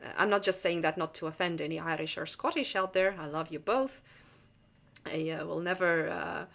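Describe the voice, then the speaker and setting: A woman's voice: lowish voice, steady tone, normal speed, vocal fry, a bit bright. A young woman hosting a casual livestream chat, rambling with jokey asides and frequent laughs. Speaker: channel host.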